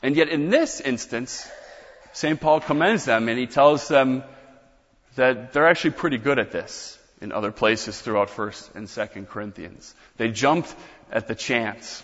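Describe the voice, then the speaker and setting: A man's voice: mid-range voice, measured pace, fairly bright tone, big-room sound, lo-fi sound. A man preaching a sermon as pastor, explaining scripture in a conversational teaching manner with casual asides.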